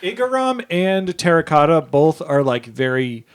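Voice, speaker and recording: A man's voice: on the high side, sing-song, measured pace, smooth. Easygoing man recapping on a podcast. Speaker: podcast co-host. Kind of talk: casual chat.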